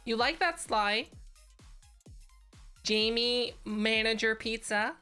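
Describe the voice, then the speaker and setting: Slow-talking bright-voiced woman streamer. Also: on the high side, smooth, soft background music. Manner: playful, giggly, reads chat aloud. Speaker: VTuber streamer. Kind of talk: casual live-stream chat.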